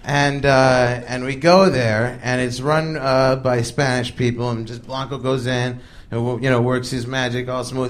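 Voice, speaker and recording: A man's voice: mid-range voice, fairly even intonation, measured pace, few pauses. A male comedian telling a story on stage in a chatty way, full of fillers and laughs, before a live audience. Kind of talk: stand-up storytelling. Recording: live recording with audience noise.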